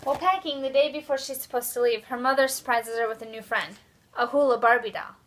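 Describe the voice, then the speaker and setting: A young woman, a student, presenting a children's book and reading a passage aloud cheerfully and clearly. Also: fairly high pitch, fast talker, fairly bright tone. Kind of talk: read-aloud book talk.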